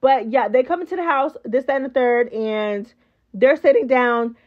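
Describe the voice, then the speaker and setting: Woman, high voice, casual recap commentary, slangy and chatty, muffled lo-fi sound. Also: normal speed. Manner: chatty, slangy, animated, addresses viewers as girl. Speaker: reality show recap host.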